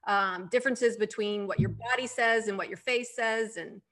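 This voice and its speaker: Bright-voiced woman hosting an interview. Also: on the high side, moderate pace. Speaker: podcast host. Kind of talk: interview questions.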